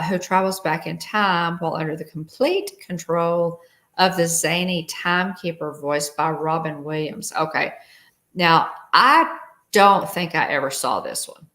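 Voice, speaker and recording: Chatty woman with gravelly voice. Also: low-pitched, fairly bright tone. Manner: chatty, reads trivia aloud and greets viewers. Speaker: livestream host. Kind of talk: casual livestream chat.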